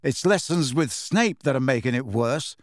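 A man voicing a frustrated teenage boy wizard in an audiobook, flat and defensive. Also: medium pitch, moderate pace, no echo, studio quality, close to an everyday voice. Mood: irritated. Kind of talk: audiobook character voice.

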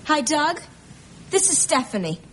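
A woman's voice: sits high, big pitch swings, a little slow, a bit bright, full character voice. A self-mocking teenage girl. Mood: wry. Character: awkward teenage girl hunting for a date. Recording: old sitcom audio with a noisy laugh track.

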